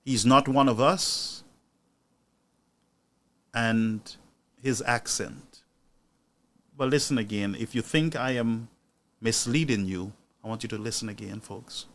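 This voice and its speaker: A man hosting a political commentary show, talking to his audience with indignation and rising into loud outbursts. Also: medium pitch, slow pace, long pauses. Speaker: news commentary host.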